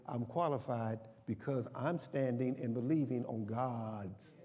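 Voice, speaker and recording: Older pastor, mellow timbre, call-and-response sermon, long church reverb. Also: male voice, medium pitch, a little slow. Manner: call-and-response, asks congregation questions. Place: church sanctuary.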